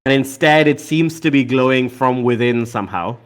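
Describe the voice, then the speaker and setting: A man's voice: medium pitch, normal speed. A man narrating as game master in a tabletop game, hesitant and full of fillers.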